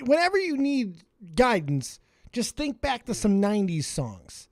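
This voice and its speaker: A man hosting a podcast, joking loudly, swearing and calling out to callers. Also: high voice, huge pitch swings, measured pace. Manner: loud, joking, profane, calls out to callers. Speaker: podcast host. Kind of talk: casual podcast chat.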